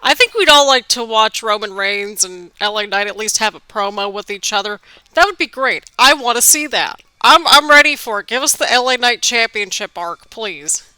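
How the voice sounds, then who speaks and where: A woman hosting a wrestling reaction video, chatting excitably with quick laughs while a bit stuffy from allergies. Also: on the high side, smooth, dry recording. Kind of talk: casual live reaction commentary.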